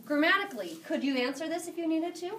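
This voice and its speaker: A woman teaching a high school Spanish class, upbeat and encouraging, quick to praise her students. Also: lively intonation, a bit bright. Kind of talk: classroom lesson. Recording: echoey classroom from a distance.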